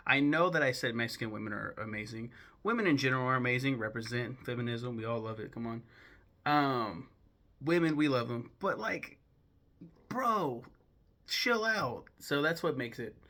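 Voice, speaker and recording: A young man with a medium-pitched voice, some vocal fry and a pushed, bright quality hosts a video ranking films. His commentary is loose and profane, full of swearing, fillers and restarts.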